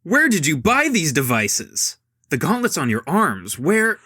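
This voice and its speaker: A man reading the lines of a smooth rich young man who calmly talks an armed robber down. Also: fairly high pitch, unhurried, no echo, studio quality, exaggerated voice. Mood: persuasive.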